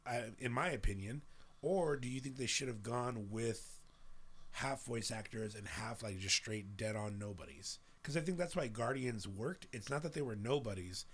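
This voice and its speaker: In a loose podcast conversation, a man in his thirties speaks with a mid-range, fairly bright voice that has a breathy edge, keeping a moderate pace. He's animated, curses liberally, and acts out characters' voices as he recounts events.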